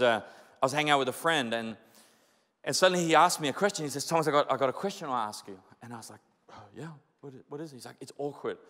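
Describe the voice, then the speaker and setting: A young man preaching a sermon as pastor, animated and conversational, repeating his points with many rhetorical questions. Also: mid-range voice. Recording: echoey hall.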